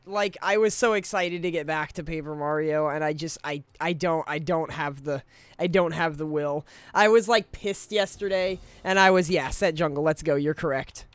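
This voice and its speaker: A man's voice: high-pitched, a bit bright, clean tone, no echo. Rambling, swearing male game streamer. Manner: rambling, profane, self-interrupting, chuckling. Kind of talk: casual live-stream chatter.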